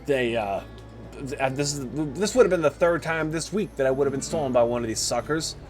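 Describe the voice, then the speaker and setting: A man voicing a gruff, rude male fruit vendor in a market. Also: mid-range voice, lively intonation, a little fast, faint music behind, lightly acted. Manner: rude, dismissive.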